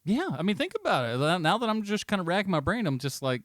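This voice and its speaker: A man's voice: high-pitched, big pitch swings, quick pace, no room sound, clean studio sound. A man co-hosting a movie podcast, joking and bantering playfully in casual chat. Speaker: podcast co-host.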